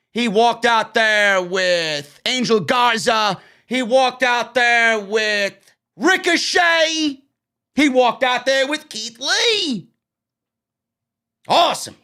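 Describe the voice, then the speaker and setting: A man's voice: high-pitched, pushed and bright. A man from New York hosting a casual live-stream wrestling review, recapping the show and giving blunt opinions in a chatty way. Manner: opinionated, chatty, recaps events then gives his take.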